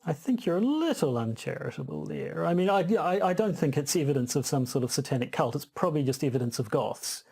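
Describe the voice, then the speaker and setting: Man, new zealand accent, husky voice, podcast co-host, casual chat, hesitant fillers. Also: fairly high pitch, lively intonation, fairly quick, hardly any pauses, darkish tone. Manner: chatty, hesitant with fillers and restarts.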